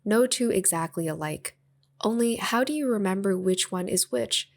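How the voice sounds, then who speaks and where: A woman's voice: medium pitch, moderate pace, creaky, lightly acted. A woman reading the lines of a curious, dreamy little girl in a storybook, in a lightly raised, wondering voice.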